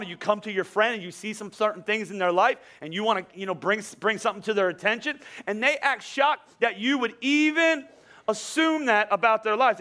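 A man's voice: high-pitched, sharp tone. A middle-aged man preaching a conversational sermon, asking the congregation rhetorical questions as he goes. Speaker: pastor.

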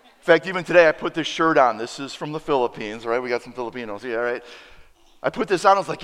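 A man preaching a sermon, telling a personal story and acting out both sides of the dialogue with lively emphasis. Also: fairly high pitch, fast talker. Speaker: pastor. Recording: preacher in a reverberant hall.

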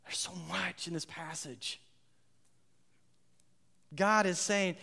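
A man preaching a sermon as pastor, impassioned, swinging between loud outbursts and hushed moments. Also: high-pitched, fairly even intonation, takes it slowly, vocal fry, long pauses. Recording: long reverb of a large hall.

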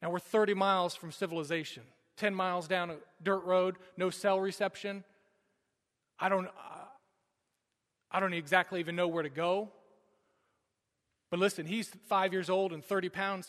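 A man in his thirties preaching a sermon and telling a personal story with dramatic shifts between urgent and hushed delivery. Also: sits high. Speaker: pastor. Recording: long hall reverb.

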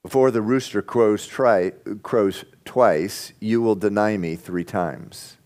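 A man preaching a sermon, reading scripture and swinging between loud emphatic bursts and quiet, intense asides. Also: on the low side, slow pace. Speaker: pastor.

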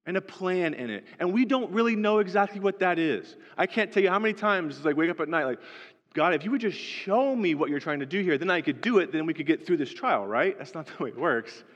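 Man preaching a conversational sermon in a reverberant hall. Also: on the high side. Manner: conversational preaching with frequent "right?" asides. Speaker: pastor. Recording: dull lo-fi sound with long hall reverb.

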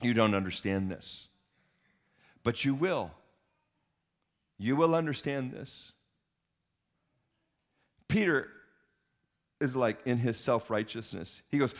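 A man's voice: medium pitch, takes it slowly, pauses often. A man in his fifties, a pastor preaching a sermon, emphatic and repeating words for stress.

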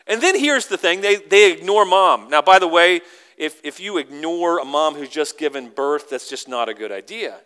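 A pastor preaching a sermon, animated and acting out the crowd's lines in sudden high voices. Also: male voice, normal speed, smooth.

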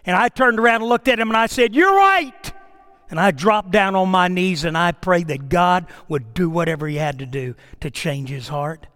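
Middle-aged male pastor, high voice, sermon delivery with dramatic rises and hushed drops, long church-hall reverb. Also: steady tone, brisk, hardly any pauses, faint music behind. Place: church sanctuary.

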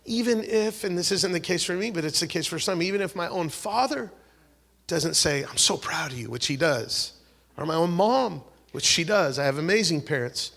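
A man preaching a sermon, swinging between loud exhortation and hushed, whispered prayer, acting out the voices he quotes. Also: fairly high pitch, animated, moderate pace, vocal fry. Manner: acts out quoted voices, repeats words and restarts.

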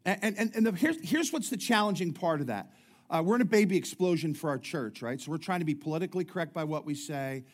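Speaking fast with a fairly high, animated voice, a middle-aged pastor delivers a conversational sermon full of jokes and frequent restarts.

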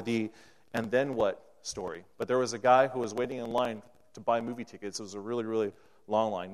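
Preacher in a reverberant hall. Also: male voice, medium pitch. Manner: acts out dialogue in an anecdote, voice rising and falling. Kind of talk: sermon.

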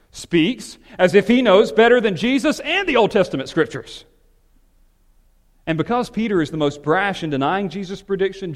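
A man, a pastor, preaching a sermon with emphatic, animated delivery that swings between loud and soft. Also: on the high side, in a large hall.

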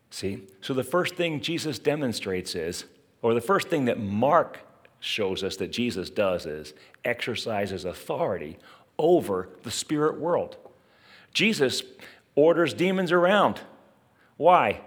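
Brief: a conversational male preacher, expressive and lively, mid pitch, talking straight to the congregation. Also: unhurried, slightly rough. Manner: animated, conversational preaching with asides to listeners. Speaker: pastor. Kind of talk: sermon.

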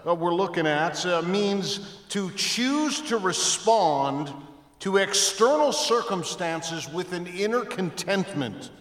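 A man preaching a sermon as pastor, emphatic with dramatic rises and drops in his voice. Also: on the high side. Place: church sanctuary. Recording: echoey church hall.

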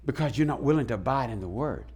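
A man preaching a sermon as pastor, animated and acting out the voices he quotes. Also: medium pitch, fast talker, slightly rough.

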